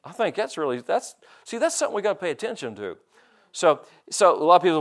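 Fast and sing-song, the high-sitting voice of an older pastor carries a folksy, conversational sermon. He frequently repeats and restarts words and acts out quoted voices.

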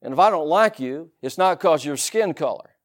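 A man with a Southern US accent preaching a sermon in a folksy, animated way, with laughs and asides. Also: a little high, normal speed. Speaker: pastor.

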